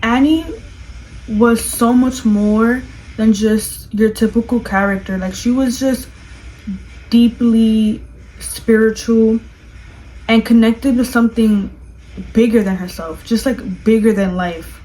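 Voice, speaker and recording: A woman's voice: a little high, takes it slowly, low-quality recording. Gushing young-sounding woman vlogger. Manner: gushing, animated, fills speech with "like". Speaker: vlogger reviewing a movie. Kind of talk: casual chat.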